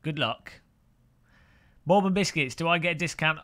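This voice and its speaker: Man, bright tense tone, fairly high voice, chatty racing stream, laughs a lot. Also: expressive, fairly quick. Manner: chatty and joking, often laughing, reading chat aloud. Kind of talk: casual live-stream commentary while sim racing.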